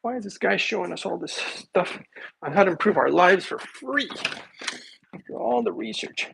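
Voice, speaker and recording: A man's voice: sits high, animated, normal speed, gravelly, background noise, voice pushed up, heavily acted. A man mimicking a whiny impatient viewer. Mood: mocking whine.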